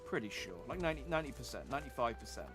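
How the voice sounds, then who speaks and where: A man's voice: mid-range voice, lively intonation, very fast, music in the background. A man streaming a game, chatting casually and joking as he plays. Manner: joking, rambling. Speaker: VTuber streamer. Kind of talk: casual gameplay commentary.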